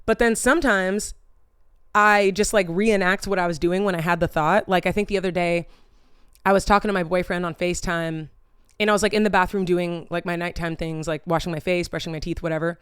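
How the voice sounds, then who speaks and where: A young woman talks to the camera in a loose, wandering way, full of fillers and casual swearing. Her voice is exceptionally smooth and clean. The sound is dry and close, with no room around it. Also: lowish voice, steady tone, brisk, no echo. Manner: chatty, tangent-prone, loses her train of thought. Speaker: vlogger. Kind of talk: casual rambling chat to camera.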